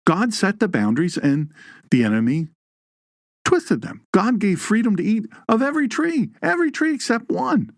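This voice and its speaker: A man's voice: high-pitched, big pitch swings, normal speed, gravelly, dry recording, studio quality. A man hosting an online Bible teaching show, with a folksy, joking manner and emphatic rises on key points. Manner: folksy, jokey asides, reads live chat.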